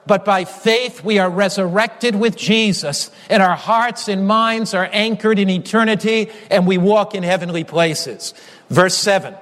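A man's voice: high-pitched, a little slow, fairly bright tone, long reverb tail. A male pastor preaching a sermon with an emphatic, repetitive cadence.

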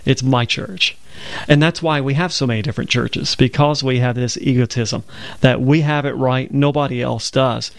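On his radio Bible show, an Alabama man with a Southern drawl earnestly recites lengthy scripture passages while discussing them conversationally. His medium-pitched voice has vocal fry and fairly even intonation, at normal speed with no room sound.

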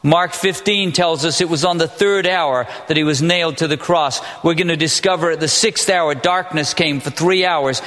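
Man, pastor, earnest emphatic sermon, dramatic pauses, slightly high voice, echoing church hall. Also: pushed and bright. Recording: long reverb of a large hall.

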